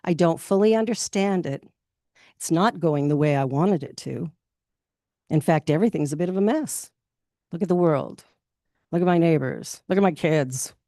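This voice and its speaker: A Canadian woman gives a relaxed sermon in a chatty, candid way, acting out little quotes as she goes. Her voice sits a touch low for a woman. The sound is dry and close, with little room around it. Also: normal speed, long pauses, dry recording. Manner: chatty and candid, laughs often, acts out quotes. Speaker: minister. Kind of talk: casual spoken sermon. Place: spiritual centre in Toronto.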